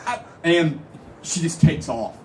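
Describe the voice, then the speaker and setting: Young man, live storyteller, rambling with lots of "like", lively pitch, phone recording from far back. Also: normal speed, slight background noise. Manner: rambling, fills with "like" and "literally". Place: live show venue. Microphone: phone camera from the audience.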